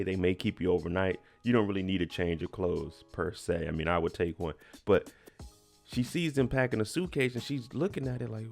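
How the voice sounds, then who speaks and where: Low-voiced man recapping a TV episode. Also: a little fast, gravelly, a little mellow, faint music behind. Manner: chatty, emphatic retelling with slang and little laughs. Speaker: TV recap host.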